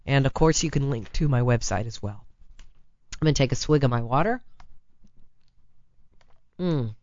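A woman hosts a talk radio advice show into a studio microphone, chatty, blunt, and teasing, her voice raspy and hoarse from laryngitis. It's extremely low-pitched, expressive, a little mellow, and at a normal speed. There's no room sound, and the highs are cut off.

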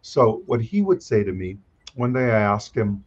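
A man working as an auctioneer, talking in a chatty, animated way in an interview. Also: fairly low pitch, brisk, husky. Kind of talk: conversational interview. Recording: dull lo-fi sound.

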